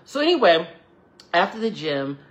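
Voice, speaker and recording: A man hosting a livestream, telling a personal story to viewers in a chatty, animated way, often acting out quoted dialogue and thanking people between lines. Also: sits high, normal speed. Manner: chatty and animated, full of "like" and "you know". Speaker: livestream host. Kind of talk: casual storytelling to a live audience.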